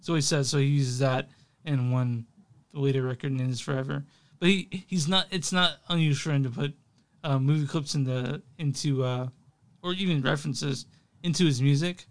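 A man's voice: mid-range voice, fairly even intonation, moderate pace. A man co-hosting a casual music podcast, rambling with fillers and frequent laughs. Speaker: podcast co-host. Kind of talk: casual chat about music.

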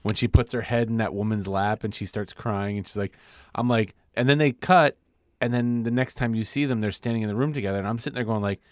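A man with a lowish voice talks loosely as a podcast co-host, slipping into put-on voices when he retells scenes. The sound is dry and close, with no room around it. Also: quick pace, no room sound. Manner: animated, acts out scenes in voices, swears freely. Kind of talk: casual chat.

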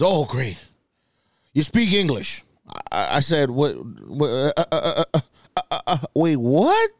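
Young guy podcast host ranting about his rideshare stories, kinda high voice, swearing a lot, dry close sound. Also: no echo. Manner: profane, animated, swings pitch up when outraged. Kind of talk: casual comedic storytelling.

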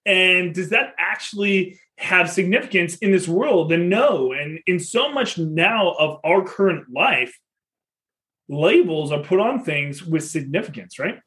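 A man in his thirties, a father and podcast host, telling a story in a lively, casual way and laughing often. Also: high-pitched, measured pace.

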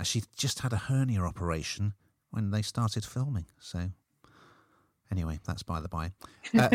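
A man's voice: deep voice, dry recording, studio quality. A man presenting a casual TV review chat, chatty and upbeat, laughing easily.

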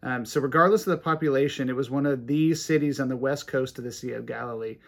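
A man preaching a sermon, animated and rising to emphatic peaks, reading scripture aloud between his comments. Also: medium pitch, fast, gravelly. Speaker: pastor.

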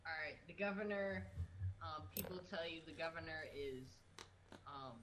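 Halting, filler-heavy tabletop game master; noisy mic. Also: mid-range voice, a bit bright. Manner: halting, many fillers and restarts.

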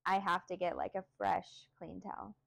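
A woman's voice: lowish voice, level tone, moderate pace, creaky, a bit bright, no room sound. A woman co-hosting a casual podcast, talking loosely with many "like" fillers and agreeing often. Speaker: podcast co-host. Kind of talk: casual chat.

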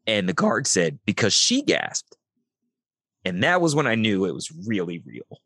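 Middle-aged male guest, low voice, dry close sound, animated storyteller who plays out each line of dialogue. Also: unhurried, vocal fry, slightly rough, dry recording. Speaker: podcast guest. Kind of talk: storytelling interview.

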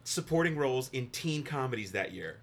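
A man co-hosting a podcast in casual chat, joking and quick to react. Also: mid-range voice, lively intonation, gravelly, noisy background. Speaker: podcast co-host.

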